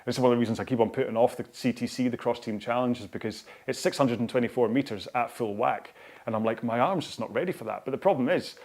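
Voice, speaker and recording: A middle-aged man chats his way through a live rowing stream. He rambles from tip to tip, keeps it casual, and pokes fun at himself with frequent laughs. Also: medium pitch. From United Kingdom. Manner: chatty, rambling, self-deprecating, laughs often. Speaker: rowing coach and host.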